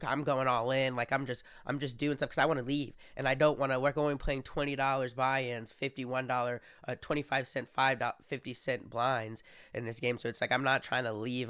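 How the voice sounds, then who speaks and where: A man's voice: medium pitch, fairly bright tone, clear, resonant tone, dry recording, studio quality. A young man hosting a casual monologue, rambling with many fillers and restarts. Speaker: podcast host.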